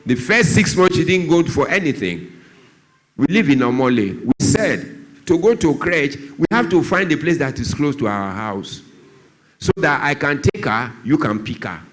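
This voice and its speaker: Nigerian man preaching with lively stories. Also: moderate pace. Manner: storytelling, acts out dialogue, shifts pitch a lot. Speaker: doctor and guest speaker on drug abuse. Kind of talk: church talk.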